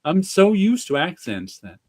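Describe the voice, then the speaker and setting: Chatting casually on a podcast, this New York-accented co-host has a high, darkish voice with big pitch swings and an unhurried pace. He meanders, restarting often and laughing lightly.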